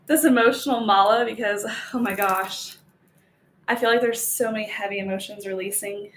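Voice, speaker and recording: A woman's voice: mid-range voice, a bit bright, slight background noise. Young woman energy healer vlogging, super chatty and giggly, lots of "like", roomy echoey room. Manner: chatty, filler-heavy, giggly. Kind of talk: casual spiritual vlog, guided healing.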